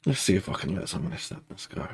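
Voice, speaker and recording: A man leading a guided tapping meditation, speaking slow, repetitive first-person affirmations. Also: no echo, studio quality.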